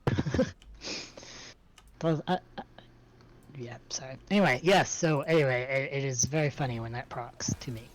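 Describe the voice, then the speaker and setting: A co-player chatting casually during a game in a dry, deadpan way, sometimes muttering. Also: medium pitch, moderate pace, long pauses, slight background noise. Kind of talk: casual chat while gaming.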